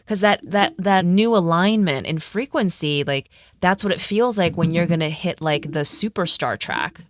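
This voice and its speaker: A woman's voice: fairly low pitch, expressive, moderate pace, no room sound, clean studio sound. A woman hosting an interview, responding supportively and adding her own thoughts in casual chat. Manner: supportive, frequent affirming murmurs. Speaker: interview host, career astrologer.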